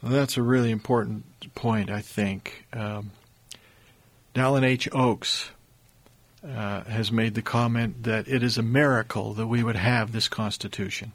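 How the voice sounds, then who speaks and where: A man's voice: fairly low pitch, steady tone, a little slow. Man telling a historical story earnestly. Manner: earnest, builds emphasis, frequent restarts.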